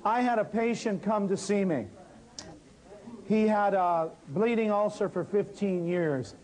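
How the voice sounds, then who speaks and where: High-voiced man telling a healing story. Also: a little slow, rough recording. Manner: lively, talks straight to the audience. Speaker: natural healing teacher. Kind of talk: live workshop storytelling.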